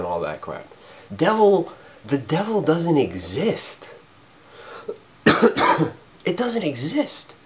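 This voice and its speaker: A man going off in an unscripted spiritual rant, rambling and cursing, swinging between loud emphasis and low mutters. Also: a little hiss or hum. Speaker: vlogger.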